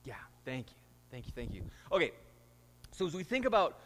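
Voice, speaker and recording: A man's voice: on the high side, very animated, fairly quick, a bit bright, big-room sound, a little hiss or hum. A middle-aged man, a pastor, preaching a sermon and telling stories with rising, emphatic delivery. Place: church sanctuary.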